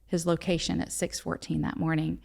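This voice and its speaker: A woman's voice: deep voice, monotone, a little fast, creaky, darkish tone. A middle-aged woman, a guest telling a personal story in conversation, acting out the dialogue in earnest. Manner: retells events by acting out quoted dialogue, earnest.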